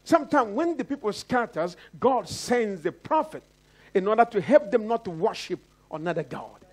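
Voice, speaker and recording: A man's voice: very animated, moderate pace. A pastor from Nigeria preaching a sermon, calling out to the congregation again and again and acting out the voices he quotes. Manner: preaching with repeated call-outs to the congregation; acts out quoted voices with big pitch swings.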